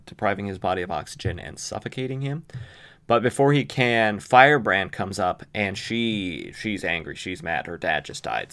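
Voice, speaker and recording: A man hosting a podcast, recapping a comic book in a relaxed, casual way with frequent fillers and asides. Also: fairly low pitch, clear, resonant tone. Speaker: podcast host.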